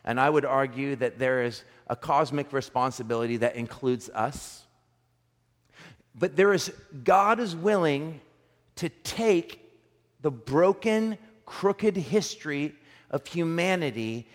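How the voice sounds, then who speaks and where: A man in his thirties preaching a sermon as pastor, telling a story with animated, self-deprecating humor. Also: a little high. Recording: long hall reverb.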